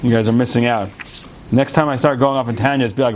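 A man, a rabbi, telling a story in a Torah class in an animated, emphatic way. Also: mid-range voice, quick pace, a little hiss or hum.

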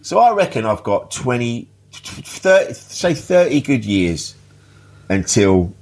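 A man's voice: medium pitch, very animated, slow pace, a little mellow. A man, a podcast guest telling funny stories in casual chat, laughing often and swearing freely. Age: 50s. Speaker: interview guest.

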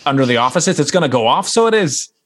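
A man's voice: on the high side, very animated, fast, pitched above the performer's own voice. A man voicing a male hoax caller who is faking an Irish accent, in a mock-threatening, sing-song way. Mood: mock menacing. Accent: put-on Southern Irish.

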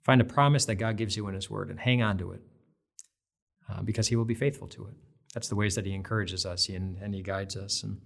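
A man's voice: on the low side, steady tone, brisk, vocal fry. A man giving an earnest, conversational devotional Bible talk, repeating phrases for emphasis. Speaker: devotional speaker.

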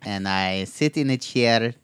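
A man's voice: lowish voice, slow, fairly bright tone, smooth, no room sound. A man playing a tabletop game, joking dryly about how he does his character's voice. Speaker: player. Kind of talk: casual tabletop game chat.

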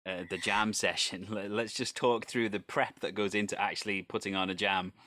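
A man from North Wales hosts a conversational interview over a video call. His voice is bright and forceful, and sits fairly low. The sound is dry and close, with little room echo. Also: steady tone, moderate pace. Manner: friendly, asks open questions. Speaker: podcast host.

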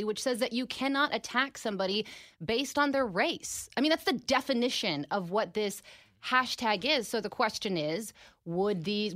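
A woman's voice: mid-range voice, fairly bright tone, dry recording, clean studio sound. A woman guest on a radio talk show, out of breath after running in, talking casually and laughing easily. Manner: breathless, apologetic, quick to laugh. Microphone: studio microphone.

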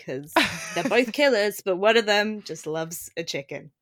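A woman's voice: medium pitch, animated, unhurried, dry recording, studio quality. A woman guest critic in casual podcast chat, giggling often and acting out characters' lines as she recaps a series.

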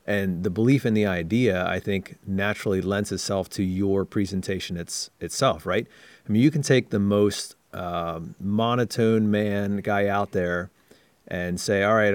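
A man co-hosting a casual sales-training podcast, who explains ideas in steady, reflective points. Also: fairly low pitch, no room sound. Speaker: podcast co-host.

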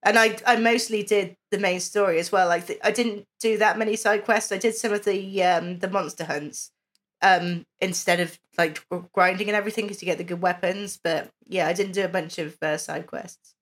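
A woman's voice: mid-range voice, fairly even intonation, moderate pace. A woman co-hosting a podcast, chatting casually with a few fillers and hesitations. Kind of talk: casual chat.

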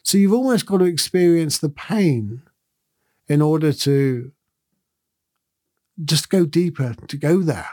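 A man's voice: on the high side, expressive, takes it slowly, long pauses, dark tone, no echo, studio quality. A middle-aged man, a podcast host, giving a thoughtful and earnest reflective monologue in a conversational way.

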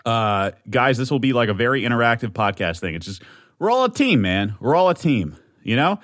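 A young man hosting his own podcast, rambling and swearing in a manic, excitable way as he pitches the show. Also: a little fast, no room sound, clean studio sound. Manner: manic, rambling, swearing, bursts of shouting and laughter. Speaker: podcast host. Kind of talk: casual solo podcast teaser.

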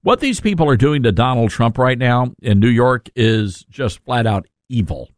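Lively, joking male radio host. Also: medium pitch, normal speed, no echo, clean studio sound. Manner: joking, lively, self-mocking. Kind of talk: casual talk radio monologue.

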